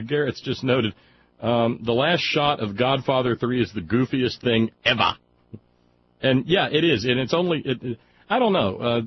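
A man hosts a call-in radio show in a lively, swinging voice. He chats loosely, laughs often and restarts his sentences. The audio is a little dull, with faint noise underneath. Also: medium pitch. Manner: chatty and animated, laughs easily, restarts a lot. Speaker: radio talk show host.

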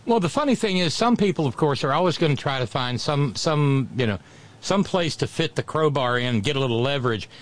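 A man's voice: fairly high pitch, expressive, fairly quick. A man hosting a talk show, chatting about politics in a wry, digressive way and chuckling at his own jokes.

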